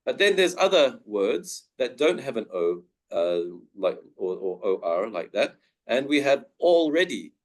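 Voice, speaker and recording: A man presenting an online pronunciation lesson, stretching out each example word with care. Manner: drawn-out example words with lively pitch. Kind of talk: slow, careful pronunciation lesson.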